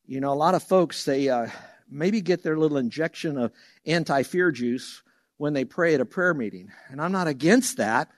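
A man preaching a sermon as a pastor, telling stories with lively acted-out voices. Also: a little high, normal speed, no room sound. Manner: animated storytelling, acts out voices loudly.

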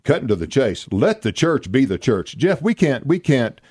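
A man's voice: mid-range voice, very animated, normal speed, darkish tone, husky, no room sound, studio quality. An older man hosting a radio talk show, chatting in a folksy way with many fillers and restarts. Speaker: radio host. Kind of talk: casual chat.

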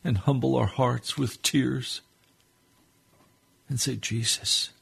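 A man's voice: mid-range voice, steady tone, takes it slowly, gravelly, a bit bright, slight background noise. A man preaching on a radio broadcast, leading a fervent, pleading prayer that swells and drops. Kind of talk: sermon prayer.

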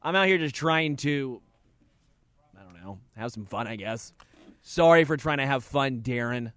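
Male sports radio co-host, mid-pitched, dry close studio mic, joking banter, teasing, quick takes. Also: lively intonation, fairly bright tone, dry recording.

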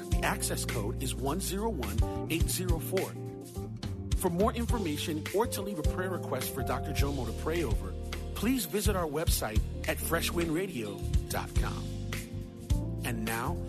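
An upbeat announcer reads a radio ministry promo with a lively, swinging delivery. Loud music plays under the voice throughout, and numbers are spelled out slowly and repeated. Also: mid-range voice. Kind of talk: scripted promo read.

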